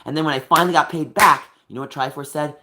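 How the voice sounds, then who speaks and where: A man streaming live, venting in an emotional rant that swings from low muttering to a raised voice. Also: fairly even intonation, fast, noisy background.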